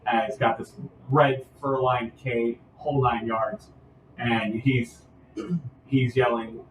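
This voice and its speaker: A man's voice: medium pitch, little pitch movement, takes it slowly. Game master guy describing the scene, echoey room, faint hiss behind. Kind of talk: narrating a tabletop game. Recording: roomy room, distant mic, faint hiss.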